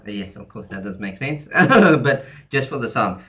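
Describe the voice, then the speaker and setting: A man's voice: mid-range voice, big pitch swings, unhurried, hardly any pauses, fairly bright tone. A young man explaining an alphabet in a casual lesson, hesitant, with many ums and restarts. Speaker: language teacher.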